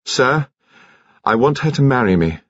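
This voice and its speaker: A man's voice: medium pitch, animated, unhurried, breathy edge, dry recording, highs cut off, voice pushed up. A man voicing an earnest, impulsive young man in love in an audiobook, talking in an eager, insistent way. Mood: ardent.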